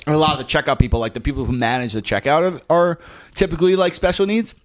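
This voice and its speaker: A young man co-hosting a podcast, telling stories in a casual, animated way and breaking into mocking voices. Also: fairly high pitch, fast talker. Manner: animated storyteller, swings into mocking quoted voices. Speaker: podcast co-host. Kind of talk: casual chat.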